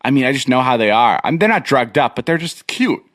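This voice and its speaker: A man's voice: medium pitch, fast, dry recording. A young man telling a long story on a podcast in a casual, rambling way, full of fillers and restarts. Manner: rambling, filler-heavy, animated retelling. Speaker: podcast co-host.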